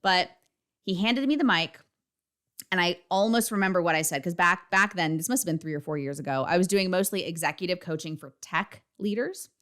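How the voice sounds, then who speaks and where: A woman's voice: lowish voice, a little fast, fairly bright tone. A woman in her thirties hosting her own podcast, talking candidly and emphatically, with frequent swearing. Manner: frank and profane, emphatic. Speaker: podcast host. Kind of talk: candid solo podcast talk.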